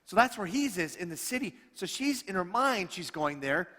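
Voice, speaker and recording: A middle-aged man preaching a storytelling sermon as a pastor, animated and acting out the dialogue in his stories. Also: high-pitched, moderate pace. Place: church sanctuary. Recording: long reverb of a church hall.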